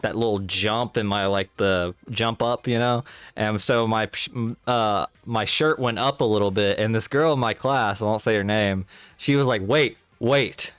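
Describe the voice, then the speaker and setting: A man's voice: lowish voice, a bit bright, clear, resonant tone, no room sound. Rambling young man streaming. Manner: coaxing baby talk to his dog, rambling anecdotes full of fillers. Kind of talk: casual stream chat and storytelling.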